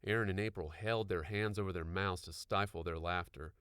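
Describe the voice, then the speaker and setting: A man narrating an audiobook with expressive storytelling. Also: deep voice, brisk, clear, resonant tone, dry recording, studio quality.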